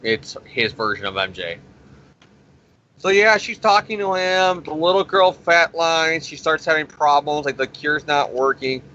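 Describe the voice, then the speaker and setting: A man's voice: a little high, animated, unhurried, pushed and bright. A man recapping a comic issue in a rambling, profane, sarcastic way, as the host of a review show. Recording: dull lo-fi recording.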